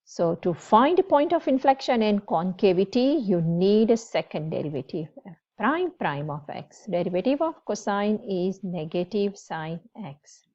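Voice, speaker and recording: Brief: woman math teacher, mellow voice, repeats key points, slightly dull lo-fi recording. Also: mid-range voice, animated, moderate pace. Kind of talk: classroom lecture.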